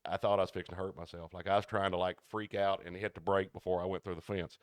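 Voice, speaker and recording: Man spinning animated podcast stories. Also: low-pitched, fast, dry recording. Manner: animated storyteller who acts out quoted people. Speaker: podcast co-host. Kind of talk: casual storytelling chat.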